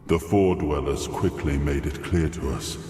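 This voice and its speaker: An actor voicing a calm, ancient orb spirit that has lost its memory, speaking slowly and solemnly with a very deep, burred voice. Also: male voice, breathy edge, soft background music, heavily acted. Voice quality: very deep voice with a burr. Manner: slow, solemn and wistful. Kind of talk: video game voice acting.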